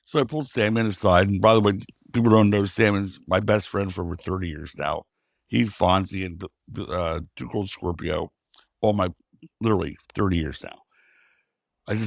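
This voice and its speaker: Animated storytelling man, dry mic. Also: lowish voice, fairly quick, creaky, no room sound. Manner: animated storyteller, acts out quotes. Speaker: former wrestling promoter, interview guest. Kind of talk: storytelling interview.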